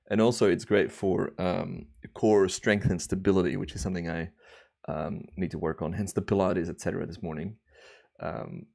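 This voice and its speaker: A young man hosting a relaxed livestream, chatting casually and rambling with viewers. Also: deep voice, vocal fry. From Australia. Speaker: livestream host.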